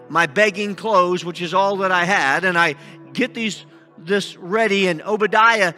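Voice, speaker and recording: A man acting out a scheming blind beggar in a first-person sermon monologue, halting and restarting often, with faint music behind him. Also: high-pitched. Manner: halting with many restarts, shouting out pleas. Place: church sanctuary.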